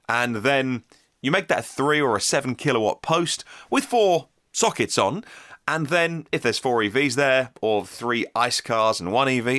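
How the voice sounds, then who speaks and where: A man's voice: mid-range voice, sharp tone, no echo, studio quality. A man hosting a casual solo podcast, chatting enthusiastically and reading out listener emails, thinking aloud as he goes. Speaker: podcast host.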